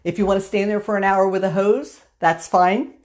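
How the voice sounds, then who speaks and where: A woman's voice: mid-range voice, little pitch movement, fast talker, a little mellow. A woman hosting a motivational live stream, telling a story in a chatty way with filler words. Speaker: host.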